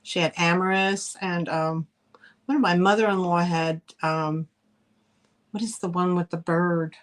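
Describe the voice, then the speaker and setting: A woman's voice: on the low side, fairly even intonation, unhurried. A middle-aged woman hosting a live online sale, chatting in a rambling, easygoing way and laughing easily as she shows items. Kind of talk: casual live-stream selling chat.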